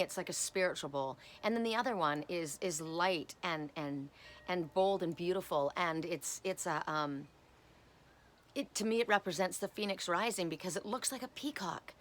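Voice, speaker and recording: A woman's voice: on the low side, a bit bright. A woman reading oracle cards who talks through her yard in a rambling, heartfelt way, repeating herself as she goes, with wind chimes behind her. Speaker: oracle card reader. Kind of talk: casual spiritual vlog, showing her yard.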